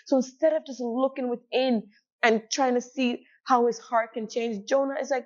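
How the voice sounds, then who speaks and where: A woman teaching a Bible study, slow and emphatic, who acts out the dialogue of the people in the story. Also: on the high side, fairly even intonation, a little mellow, highs cut off.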